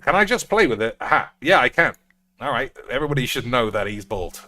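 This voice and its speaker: A man's voice: medium pitch, sing-song, brisk, sharp tone, soft background music. A man giving crude, joking commentary as he plays a game and talks to his viewers. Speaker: streamer. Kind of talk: casual gaming commentary.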